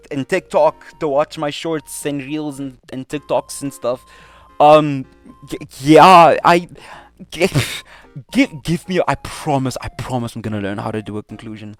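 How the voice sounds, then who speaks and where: A hoarse young man presenting a YouTube video essay, animated and apologetic, stumbling over hard names. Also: a little high, dry recording. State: hoarse, voice strained from yelling. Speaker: YouTube creator. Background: faint chiptune music.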